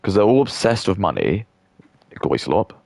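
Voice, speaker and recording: British man, 30s, blunt rambling rant, stumbling restarts, lively swooping pitch, dry close sound. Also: normal speed, vocal fry, dry recording. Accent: British English. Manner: stammering restarts, blunt and ranting. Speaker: streamer.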